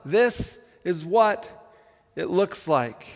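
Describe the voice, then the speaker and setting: A man's voice: high-pitched, animated, drawn-out words, vocal fry, long reverb tail. A man preaching a sermon as pastor, earnest and often repeating words as he builds a point.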